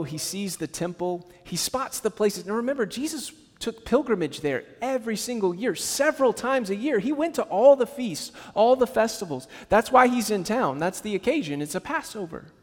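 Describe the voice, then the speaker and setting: A man with a high, light voice preaches to a congregation, leaning into quoted lines and sinking to a near hush when the point turns sorrowful. The sound carries a long reverb tail from a church hall. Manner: expressive preaching, acts out quotes, drops to a soft hush on sad points. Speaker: pastor. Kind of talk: sermon.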